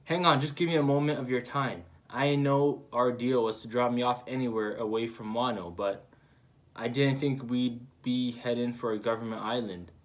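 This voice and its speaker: Man reading scheming pirate stowaway, manga read-aloud, plain middle pitch. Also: fairly even intonation, moderate pace, lightly acted. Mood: pleading.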